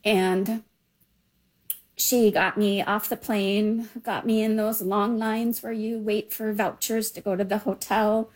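Slow, emotional woman in her fifties. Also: mid-range voice, level tone, rough recording. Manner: emotional, quiet, reflective. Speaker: storyteller. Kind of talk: personal recollection.

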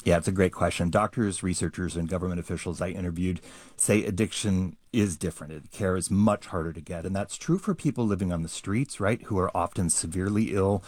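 Brief: male reporter with a very deep voice, steady explanatory read, dry studio. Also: fairly quick, dry recording. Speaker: news reporter. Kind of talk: radio news interview.

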